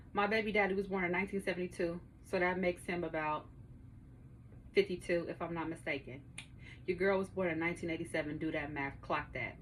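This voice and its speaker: Her voice sits a bit low and sounds slightly bright, with faint background noise. She's a woman in her thirties hosting her own podcast from a home studio, narrating a story in a casual, profane manner with plenty of laughter.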